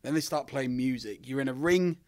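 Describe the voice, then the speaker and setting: A man's voice: mid-range voice, fairly quick, a little mellow, no room sound. A British man, a former wrestler, telling stories as a guest and laughing often. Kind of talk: casual storytelling.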